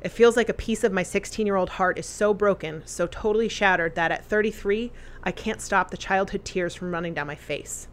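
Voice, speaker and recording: A woman's voice: medium pitch, slight background noise. Woman reading a heartfelt tribute aloud. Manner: earnest, deliberate phrasing. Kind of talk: reading a memorial letter aloud.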